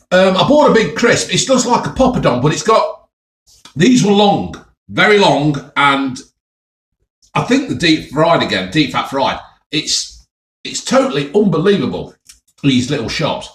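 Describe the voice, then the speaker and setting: A chatty English man with a Midlands accent, talking to his viewers in a lively, up-and-down voice that sits a touch high for a man. He sounds enthusiastic as he tastes his food, and the room around him is echoey. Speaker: food vlogger. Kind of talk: casual food tasting vlog.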